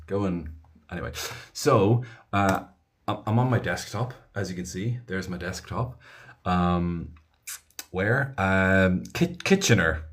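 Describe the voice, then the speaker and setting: An Irish man talks casually on a live stream, rambling as he reads out viewer comments. His voice sits low, with a husky edge. He speaks as an audiobook narrator answering his fans. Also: fairly bright tone.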